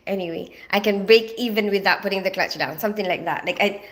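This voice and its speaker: A woman's voice: mid-range voice, expressive, fast, hardly any pauses, a bit bright. A woman from the Philippines, chatting casually on a livestream in a rambling way, full of fillers. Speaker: livestreaming vlogger.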